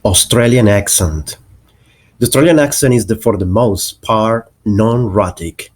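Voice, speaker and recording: Slow, low-voiced man teaching accents. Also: a little mellow, slightly rough. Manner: slow, deliberate, spells out example words. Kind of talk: explanatory lesson narration.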